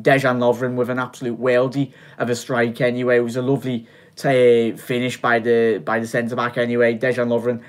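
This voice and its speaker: A young man talks through a football result in a relaxed reaction vlog. He rambles in a chatty way, repeating himself and restarting sentences with plenty of fillers. His voice sits at an ordinary middle pitch. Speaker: fan channel host. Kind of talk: casual match reaction vlog.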